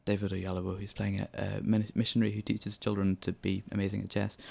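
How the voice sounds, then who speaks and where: A man talks through a film review in a relaxed, rambling way, pausing on ums and restarting his sentences. His voice sits low and has a gravelly, creaky edge. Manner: chatty and hesitant, with many ums and restarts. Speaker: film reviewer on a local podcast.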